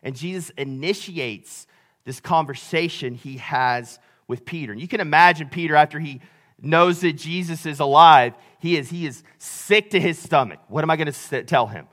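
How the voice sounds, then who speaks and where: A male pastor preaching a sermon, telling the story with big swings between loud and hushed delivery. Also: a little high, normal speed.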